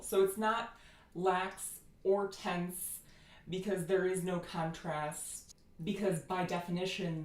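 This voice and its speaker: A woman's voice: lowish voice, echoey room. An American woman giving a phonetics lecture, listing sound features and demonstrating each one. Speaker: linguistics teacher.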